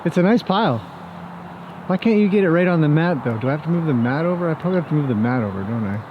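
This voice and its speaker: A man's voice: a little high, expressive, fast talker, phone-quality sound, slight background noise. A man working as a horse trainer, chatting casually and joking as he talks to his horses outdoors. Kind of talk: casual vlog talk to camera and horses.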